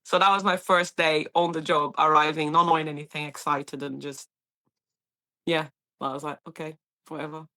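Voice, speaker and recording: A woman's voice: deep voice, moderate pace. A woman in her thirties from Brazil, speaking English with a Brazilian accent, chatting as a paramedic guest and acting out the people in her stories. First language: Portuguese. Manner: animated storyteller, acts out quoted voices, laughs often. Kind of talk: casual interview chat.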